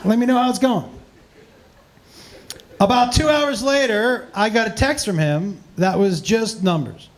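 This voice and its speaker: A male comedian telling profane stories at a live Q&A, animated and laughing often. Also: high voice, measured pace, long pauses. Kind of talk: storytelling in a live Q&A.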